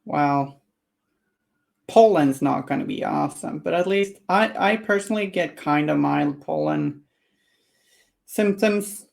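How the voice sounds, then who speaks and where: A woman's voice: low voice, unhurried, gravelly, pauses often, a little mellow. A woman chatting casually on a live stream while painting miniatures and answering viewer comments.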